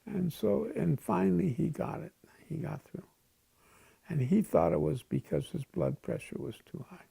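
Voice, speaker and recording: A man's voice: fairly high pitch, moderate pace, vocal fry, dark tone, husky, no echo. A man in his eighties from the United States, telling wry, wandering stories in a casual interview. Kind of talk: casual storytelling.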